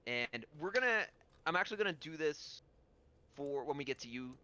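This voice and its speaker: A man's voice: a little high, expressive, normal speed, bright, forceful tone, smooth, dull audio. A man running a tabletop game as game master, narrating in a rambling, filler-heavy way.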